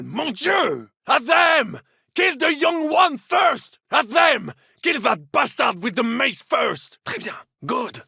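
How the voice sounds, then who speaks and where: Theatrical French knight, French accent, game voice lines, crisp bright tone, close and dry. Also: male voice, high voice, no room sound, heavily acted. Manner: theatrical, boastful, peppered with French phrases. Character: flamboyant optimistic French knight, adult man.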